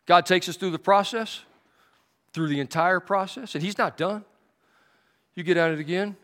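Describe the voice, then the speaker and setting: A man preaching a sermon, telling a story animatedly and acting out the voices. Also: a little high. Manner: drops to a hushed, slow prayer. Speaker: pastor.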